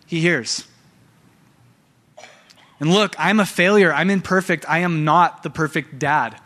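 Preaching man with a higher voice. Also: a little slow, long pauses. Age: young adult to middle-aged, father of young sons. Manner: animated preaching, addresses the church directly. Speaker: pastor. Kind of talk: sermon.

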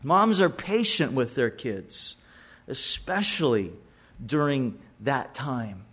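A middle-aged male pastor preaching a sermon in a conversational way, often repeating words as he goes. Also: mid-range voice. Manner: conversational, stumbling repetitions.

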